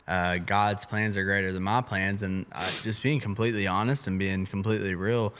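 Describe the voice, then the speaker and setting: A man's voice: on the low side, steady tone, normal speed, fairly bright tone, smooth. A young man in church ministry, talking earnestly and casually about faith, with many hesitant fillers. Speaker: church ministry podcast co-host.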